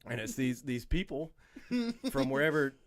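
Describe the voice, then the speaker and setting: A man from North Carolina, hosting a podcast and telling a story in casual chat, animated and cursing freely. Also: medium pitch, moderate pace. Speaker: podcast host.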